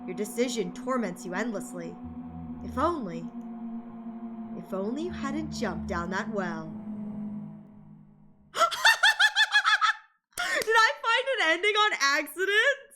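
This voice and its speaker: A young woman streaming a video game, reading its text aloud and reacting with excitable, dramatic outbursts. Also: high voice, unhurried, long pauses, over loud music. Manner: excitable, laughing, dramatic shouts.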